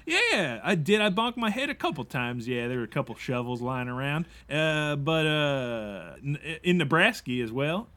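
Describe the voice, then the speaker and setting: A man's voice: on the high side, sing-song, moderate pace, hardly any pauses, pushed and bright. An improv performer playing a folksy, bumbling young Nebraska farm boy who stammers and rambles in a put-on rural Midwestern accent. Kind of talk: improvised comedy role-play.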